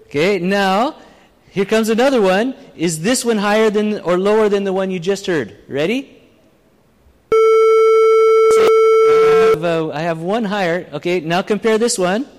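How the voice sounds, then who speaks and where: A man's voice: sits high, big pitch swings, a little slow, pauses often. A man preaching a sermon to a live congregation, in a conversational, plain-spoken way with frequent restarts. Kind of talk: sermon with audience exercise. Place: church hall with audience. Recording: long hall reverb.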